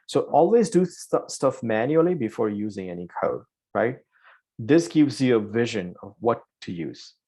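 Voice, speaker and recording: A man's voice: mid-range voice, lively intonation, normal speed, warm tone. A man teaching an online programming class, explaining step by step and checking in with "right?" after each point. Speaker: programming instructor. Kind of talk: live online coding lesson.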